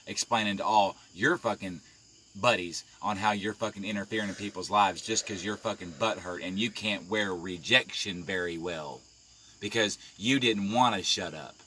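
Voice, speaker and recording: A man delivers a heated live-video rant, swearing at almost every turn. His voice sits low and pushes forward with a hard, tense edge. He stays confrontational throughout. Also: moderate pace, bright, forceful tone, breathy edge. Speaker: live-stream vlogger.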